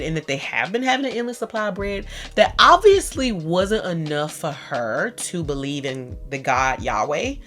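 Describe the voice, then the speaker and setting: A woman retells an old story in loose, joking slang, like chatting with friends. Her voice sits on the lower side for a woman, and faint music plays underneath. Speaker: storyteller host.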